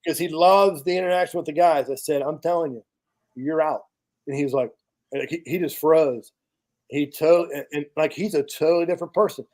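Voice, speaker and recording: Blunt, animated man telling a story. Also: on the high side, brisk. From United States. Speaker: podcast guest, charity founder. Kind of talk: casual storytelling chat.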